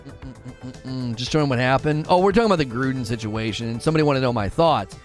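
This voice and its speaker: A man's voice: medium pitch, very fast, soft background music. A young man hosting a gaming talk show, ranting emphatically and repeating himself. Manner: heated, emphatic, repeats phrases. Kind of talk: live stream talk show rant.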